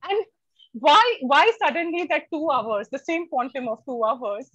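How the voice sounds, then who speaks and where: Woman, Indian English accent, university lecturer, expressive, slightly high pitch, dry lo-fi video call sound. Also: measured pace, no room sound. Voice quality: lively and expressive, switching into Hindi for everyday examples. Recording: dry, dull lo-fi online call.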